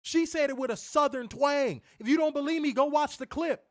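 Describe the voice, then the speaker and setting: Angry male co-host, high voice, profane heated rant on a stream. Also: a little fast. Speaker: wrestling show co-host.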